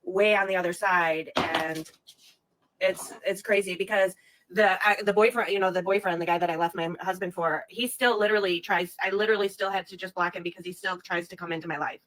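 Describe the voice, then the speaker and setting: A woman's voice: on the low side, steady tone, a little fast, a bit bright, slight background noise, rough recording. A woman in a confessional social video, rambling, swearing and restarting as she talks about her mistakes.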